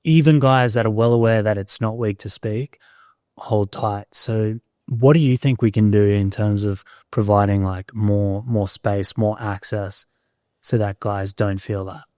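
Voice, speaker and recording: A man hosting a podcast, asking thoughtful interview questions in a measured way. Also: on the low side, steady tone, warm tone, dry recording, studio quality. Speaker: podcast host.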